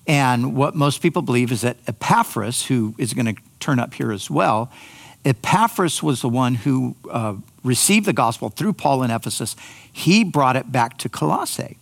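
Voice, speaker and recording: Gravelly-voiced man preaching a sermon. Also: medium pitch. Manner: unhurried, repeats words at restarts. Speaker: pastor.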